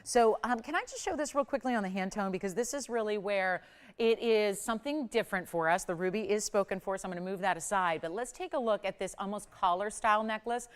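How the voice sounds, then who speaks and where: Selling jewelry on a live TV home shopping broadcast, a woman keeps her pitch chatty and upbeat, and her voice has a clean tone.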